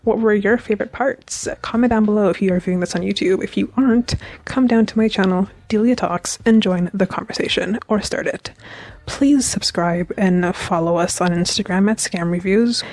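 A young woman hosts a review podcast and recaps an episode in a loose, chatty way. She talks with lots of feeling, trips over her words and corrects herself as she goes. Her voice sits at an ordinary middle pitch for a woman. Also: moderate pace, darkish tone, no room sound. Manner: chatty, emotional, restarts and self-corrections. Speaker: podcast host reviewing a TV series.

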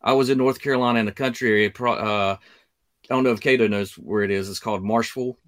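A man in casual podcast chat, relaxed, telling short stories and laughing along often. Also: fairly low pitch, quick pace. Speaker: podcast co-host.

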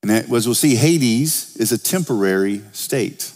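Male pastor, mid-pitched, conversational sermon, lifts up for scripture readings, long church reverb. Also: lively intonation, unhurried, darkish tone. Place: church sanctuary.

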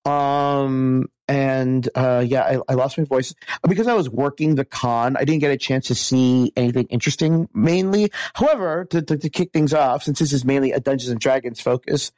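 A man guesting on a podcast, talking casually with a hoarse, worn-out voice and a rambling manner full of restarts. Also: medium pitch, normal speed, few pauses, a little mellow, no room sound. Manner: rambling, many restarts and fillers. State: hoarse, lost voice.

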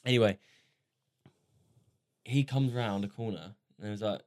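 A man's voice: on the low side, moderate pace, darkish tone, no echo, studio quality. A young man co-hosting a podcast, chatting casually, laughing often and swearing freely. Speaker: podcast co-host. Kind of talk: casual chat.

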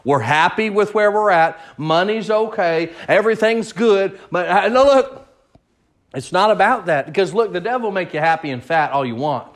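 A man's voice: sits high, lively intonation, normal speed. A man preaching a sermon in an impassioned, pleading way, repeating words and building to outbursts.

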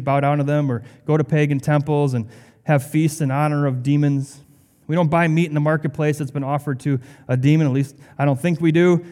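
A man's voice: a little high, dark tone, in a large hall. A male pastor delivering a sermon in a conversational way, with sarcastic asides.

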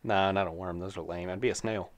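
A man's voice: low voice, fairly even intonation, fast talker. A young man co-hosting a casual podcast, joking crudely and laughing often. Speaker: podcast co-host.

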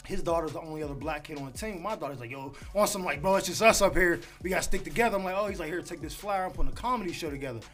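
A man's voice: a little high, rapid-fire, hardly any pauses, a bit bright, soft background music. A man in his thirties, a comedian telling stories in casual chat and acting out the voices of the people in them. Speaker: comedian guest.

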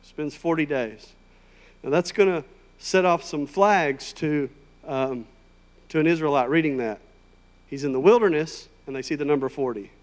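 A man preaching a sermon in a conversational, emphatic way, rising to loud, high peaks. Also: moderate pace. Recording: long hall reverb.

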